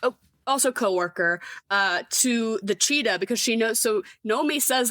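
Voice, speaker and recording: A woman's voice: on the high side, moderate pace, no room sound. A woman co-hosting a podcast, casually and animatedly recapping a movie with frequent laughs. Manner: chatty, animated, laughs often. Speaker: podcast co-host. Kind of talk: casual chat recapping a film.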